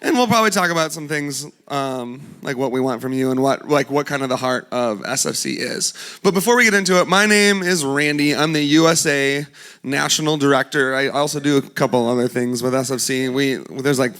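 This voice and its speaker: A man's voice: medium pitch, brisk, a bit bright, smooth. A man giving a casual talk at a conference, joking and chatting with the audience as he speaks. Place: conference hall before a crowd.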